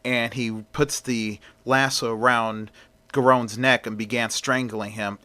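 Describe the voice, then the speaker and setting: A man's voice: medium pitch, steady tone, a little slow, pushed and bright, slight background noise. A man narrating a story in a plain, conversational way.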